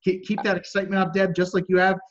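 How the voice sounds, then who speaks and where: A man coaching a student on a group call, energetic and pushy, repeating himself as he drives his point home. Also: sits high, fast talker, muffled recording.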